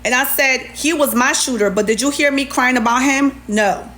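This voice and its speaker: A woman's voice: high voice, normal speed, fairly bright tone, slight background noise. A woman ranting on a livestream, sassy and indignant as she reads out messages and answers back.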